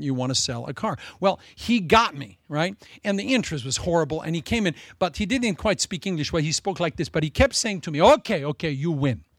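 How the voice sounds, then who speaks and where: A man preaching a sermon in an animated, joking way. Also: fairly high pitch, no room sound, clean studio sound. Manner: animated, joking, with frequent laughs.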